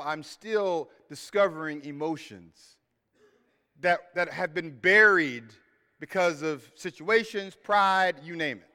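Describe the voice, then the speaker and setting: A man preaching a sermon in a reverberant hall, his voice sitting high and sounding bright. He speaks slowly and earnestly, repeating key phrases and acting out the voices he quotes. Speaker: pastor.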